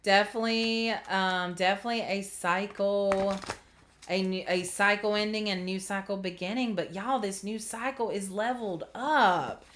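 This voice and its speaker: A woman's voice: mid-range voice, steady tone, moderate pace, background noise. A woman giving a casual spiritual tarot reading, chatty and earnest, getting emotional as she talks. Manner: chatty, earnest, trailing off into filler words. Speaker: tarot reader.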